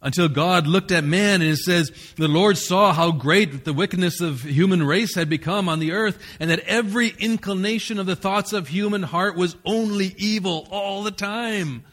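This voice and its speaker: A man delivers a sermon as pastor, his voice sitting a little higher than most men's. He preaches in an earnest, emphatic way, pressing his points and sometimes restarting a phrase. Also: moderate pace, few pauses, a bit bright.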